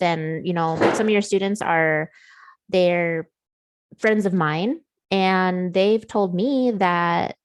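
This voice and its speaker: A woman's voice: fairly low pitch, dry recording, clean studio sound. A woman hosting an interview show, chatting casually and affirming her guest with lots of fillers. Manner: warm, affirming, many fillers. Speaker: podcast host.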